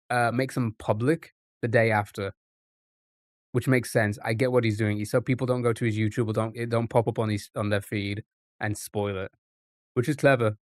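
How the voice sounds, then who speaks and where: A man's voice: mid-range voice, no room sound. Rambling male streamer thinking aloud. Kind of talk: casual live-stream chat.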